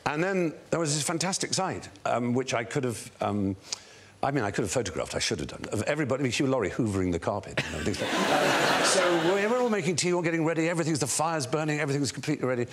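A man's voice: mid-range voice, quick pace, a little hiss or hum. A man, a talk show guest telling anecdotes and acting out other people's lines. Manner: lively storyteller, acts out other people's lines. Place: TV studio with audience.

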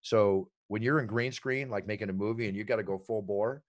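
A middle-aged man telling stories in an animated, emphatic way as an interview guest. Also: lowish voice, brisk, dry recording. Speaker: ring announcer and guest. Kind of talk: energetic interview talk.

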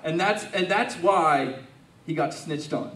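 A young man doing stand-up comedy, with a halting, rambling delivery full of restarts. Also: fairly high pitch, a bit bright, echoey room, recorded from a distance, a little hiss or hum. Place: comedy club stage.

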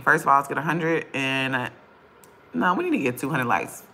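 A woman chatting casually on a livestream with her viewers, impatient and bantering with loud bursts. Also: a bass voice, expressive, moderate pace, husky. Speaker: vlogger on a livestream.

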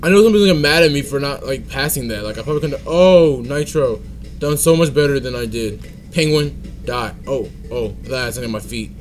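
A man's voice: mid-range voice, lively intonation, fast talker, soft background music. A young man giving playful let's-play commentary, singing silly made-up tunes and scolding the game. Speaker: gaming channel host.

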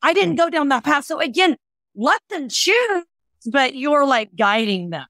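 High-voiced woman acting out stories. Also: a little slow, no echo, studio quality. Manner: animated storyteller who acts out quoted dialogue. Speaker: fitness and nutrition expert guest. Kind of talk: casual podcast chat.

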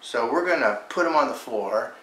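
A middle-aged vlogger at home, narrating a casual video slowly and calling to a dog in a high sing-song coaxing voice. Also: animated, bright, forceful tone. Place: indoors at home. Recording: roomy, distant home camera audio.

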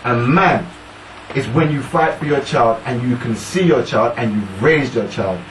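A man's voice: mid-range voice, unhurried. A man talking about fatherhood in casual discussion, emphatic and prodding his listeners with "yeah?". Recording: roomy, distant mic, faint noise.

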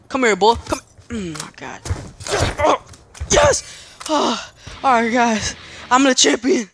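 A young man commentating his own gameplay, excitable, yelping and shouting in panic and repeating words rapidly. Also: high voice. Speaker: gamer. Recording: noisy game audio behind.

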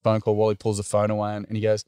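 A man's voice: fairly low pitch, completely flat delivery, very fast, mellow, clear, resonant tone, dry recording. A middle-aged Australian man telling a personal story earnestly, with many fillers. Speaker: interview guest.

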